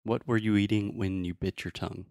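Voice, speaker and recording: A man teaching English pronunciation in a relaxed, friendly chat, often demonstrating sounds. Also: fairly low pitch, fairly quick, dry recording, clean studio sound.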